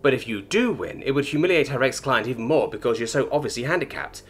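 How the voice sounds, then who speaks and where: A man narrating a sci-fi story from a script, with a lively, varied delivery and light character voices. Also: mid-range voice, fast talker, husky, soft background music.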